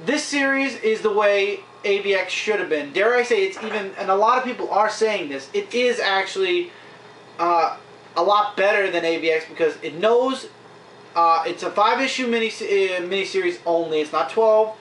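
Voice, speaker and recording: A fairly high-voiced man talks casually through a stack of comics, recapping scenes with lots of fillers. The camera mic sits back from him in a roomy, echoing space with a faint hiss underneath. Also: moderate pace, a bit bright. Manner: chatty, retells scenes with frequent fillers. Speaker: comic book reviewer. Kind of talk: casual vlog review. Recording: echoey room, mic at a distance.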